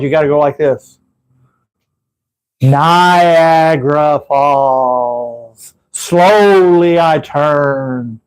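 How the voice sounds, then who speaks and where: A man's voice: high-pitched, low-quality recording. A man with a Texan accent, hosting a casual live chat from his room, rambling and laughing at his own stories. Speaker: livestream host.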